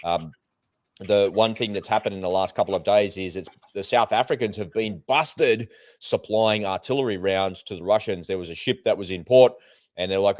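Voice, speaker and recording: A low-pitched man talks through current affairs as co-host of a live show. He lays out his points step by step and breaks off into conversational asides. The recording is dry and close, with no room echo. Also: moderate pace, a little mellow. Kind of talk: live political and market talk show. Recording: remote broadcast with slight delay.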